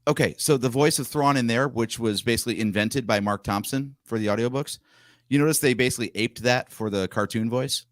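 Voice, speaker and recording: A man's voice: medium pitch, brisk, no room sound, clean studio sound. Chatty opinionated male co-host. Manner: chatty, opinionated, shares pictures on screen. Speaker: podcast co-host. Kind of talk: casual chat.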